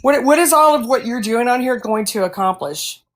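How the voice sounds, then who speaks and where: A woman's voice: on the high side, expressive, normal speed. A woman speaking up in a live audio debate, defensive and argumentative. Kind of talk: heated political argument.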